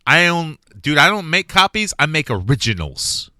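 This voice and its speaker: A man hosting a comedy podcast, talking in an animated, profane way and laughing often. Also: on the high side, moderate pace, no room sound, studio quality. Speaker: podcast host. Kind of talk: casual comedy podcast chat.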